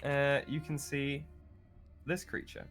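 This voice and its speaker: A man running a tabletop game as game master, describing scenes with lively relish. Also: medium pitch, takes it slowly, soft background music.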